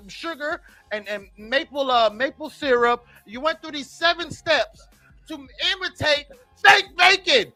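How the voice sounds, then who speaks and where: Animated man ranting on morning radio. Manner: animated, swinging from loud outbursts to low mutters. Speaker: radio show co-host. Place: radio studio. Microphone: studio microphone.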